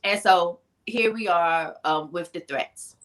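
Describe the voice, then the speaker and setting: Animated woman telling her story, lowish bright voice. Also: slow. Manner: animated, emphatic, conversational with slang asides. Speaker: author and motivational speaker, guest. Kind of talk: personal storytelling in a podcast interview.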